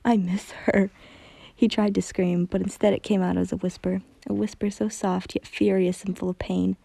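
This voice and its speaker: A woman's voice: medium pitch, little pitch movement, moderate pace, gravelly, dark tone, no echo. A woman reading a fanfiction story aloud, often stumbling over words and correcting herself as she goes. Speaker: fanfiction reader.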